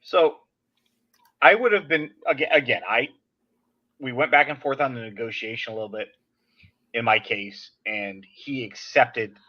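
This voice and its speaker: A man hosting a casual podcast chat, telling an animated, venting story in an everyday voice. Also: lowish voice, dull audio. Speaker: podcast host.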